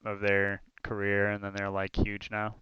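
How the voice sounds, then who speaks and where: This young man's fairly low, smooth voice moves at a normal pace as he co-hosts a streamed talk show. He chats casually, rambling through animated stories packed with fillers, and the recording is dry and lo-fi.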